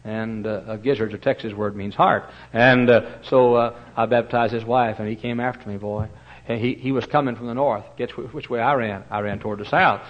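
Give me a folksy preacher telling stories from the pulpit. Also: male voice, lowish voice, brisk, muffled recording. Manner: folksy, animated, with fillers and sudden loud bursts. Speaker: pastor. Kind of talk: storytelling sermon.

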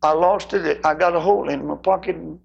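A man's voice: on the high side, creaky, darkish tone, lo-fi sound, a little hiss or hum. A man voicing a crying little boy who stumbles over his words as he explains lost money in a sermon story. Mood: tearful. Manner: halting, stumbling repeats.

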